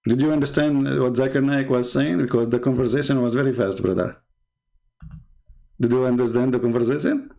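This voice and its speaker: A man's voice: medium pitch, brisk, gravelly, dark tone. A man hosting a live stream, giving a sarcastic, mocking polemical monologue with chuckles.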